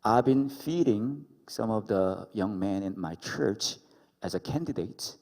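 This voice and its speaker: A man's voice: on the low side, expressive, a little slow, creaky, darkish tone. A man voicing a young woman who hesitantly confides she cannot choose a husband, in a reverberant worship hall. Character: young woman unsure whom to marry.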